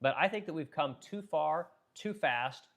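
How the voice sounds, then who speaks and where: A man's voice: a little high, animated, measured pace, creaky, fairly bright tone. A middle-aged man hosts a livestream and rants with heat, swearing freely. He circles back to the same points and trips over his own words as he works himself up. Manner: fired-up, swearing, repeats himself, frequent stumbles. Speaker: business owner and livestream host. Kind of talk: heated political rant on a livestream.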